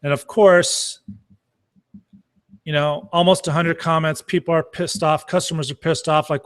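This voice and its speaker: Man, middle-aged, casual Q&A, blunt, swears casually, slightly high-pitched. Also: flat delivery, a little slow, clear, resonant tone. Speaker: marketing coach answering questions. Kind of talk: casual Q&A talk.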